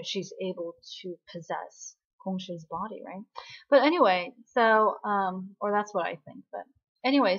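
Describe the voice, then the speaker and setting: A woman's voice: mid-range voice, fairly bright tone, lo-fi sound. A woman giving a casual, bubbly drama recap, telling the story in a chatty way and often checking in with "right?".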